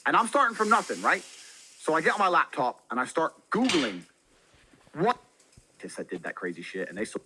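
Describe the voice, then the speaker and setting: A brash, boastful man telling a story as a podcast guest, swearing a lot and breaking into loud, excited bursts. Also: a little high, brisk, pauses often, a little hiss or hum, rough recording. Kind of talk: casual storytelling.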